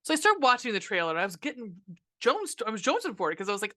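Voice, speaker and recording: Young woman host, sarcastic profane movie ranter, bright forceful voice. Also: on the high side, very animated, rapid-fire. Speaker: podcast host reviewing a movie. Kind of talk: casual ranting movie review.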